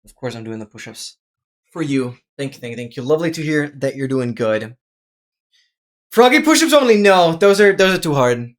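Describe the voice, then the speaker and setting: This live streamer talks fairly quickly in a mid-range voice, casually chatting while playing. They get excited, exclaim frequently, and thank people watching.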